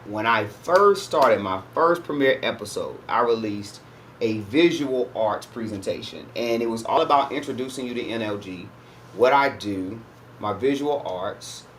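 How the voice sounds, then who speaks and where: A man's voice: mid-range voice, a bit bright, a little hiss or hum. Man giving a casual scripture talk. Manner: conversational, often checks in with listeners. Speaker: host. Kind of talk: casual religious teaching monologue.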